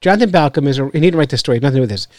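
Joking podcast host, dry close sound. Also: male voice, on the high side, animated, very fast, dry recording. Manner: joking, rambling, laughs often. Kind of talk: casual chat.

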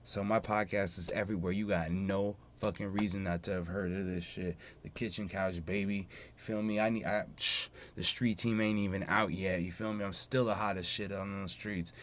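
A man's voice: low voice, fairly even intonation, moderate pace, few pauses, slight background noise. A young man hosting his own podcast in a casual solo monologue, boastful and full of profane street slang. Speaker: podcast host.

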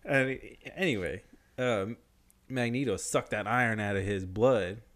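A young man telling a story in casual chat, slangy, swearing a lot and animated. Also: lowish voice, a little slow.

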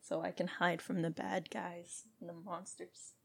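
A woman's voice: lowish voice, little pitch movement, creaky, breathy edge, dry recording. A young adult woman co-hosting a casual podcast, joking around but explaining things carefully. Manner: playful, quick to laugh, careful explainer. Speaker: podcast co-host. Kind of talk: casual chat.

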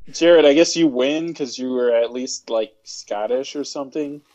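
A man co-hosting a casual podcast chat. He talks in a jokey, playful way and is quick to laugh. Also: medium pitch, darkish tone. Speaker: podcast co-host. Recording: slightly dull lo-fi sound.

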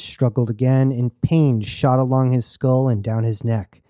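A man narrating an audiobook in a steady, measured way, recorded close and dry. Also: medium pitch, dry recording.

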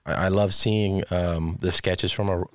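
A man, a stand-up comedian, chatting casually in an interview and telling lively stories, acting out the people he quotes. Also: low-pitched, slow, dry recording. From Texas. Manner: animated storyteller acting out quotes.

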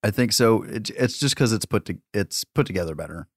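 A man co-hosting a podcast, chatting casually about films in a laid-back, measured way. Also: fairly low pitch, animated, no echo, studio quality. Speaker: podcast co-host. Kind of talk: casual movie chat.

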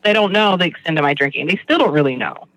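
A man's voice: on the high side, animated, fast, a bit bright, poor audio. A man speaking candidly and at length in a conversation about his recovery, rambling and swearing now and then. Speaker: guest in recovery.

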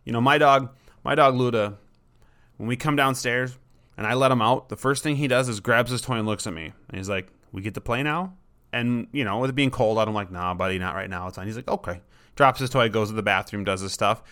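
A man's voice: mid-range voice, a little fast, pushed and bright, clean tone. A man hosting a podcast, talking casually and rambling, often repeating words and voicing his dog in short asides. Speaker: podcast host.

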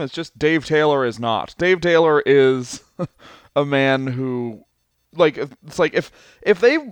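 A man co-hosting a comedy podcast with a smooth, clear voice pitched a little high. He tells his stories in a loose, rambling way, laughing often, and sounds close-miked and dry. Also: no room sound. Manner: rambling storyteller, laughs often, many fillers. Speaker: podcast co-host. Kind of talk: casual comedic chat.

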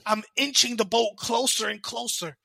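A man, a podcast guest telling a story in a slangy, animated way and laughing often. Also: very high voice, moderate pace, vocal fry, no echo. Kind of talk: casual storytelling.

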